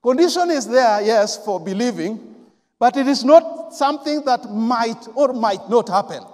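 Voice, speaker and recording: A man preaching a sermon as pastor, emphatic and repetitive, swinging from quiet reading to loud stressed lines. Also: very high-pitched, expressive, a little slow. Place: large church hall. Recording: long church hall reverb.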